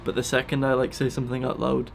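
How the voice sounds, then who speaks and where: Male vlogger, gravelly low voice, tender and halting, near tears, faint music behind. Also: monotone. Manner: soft, emotional, halting with fillers. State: close to tears. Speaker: vlogger feeding a wild bird. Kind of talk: casual heartfelt vlog talk.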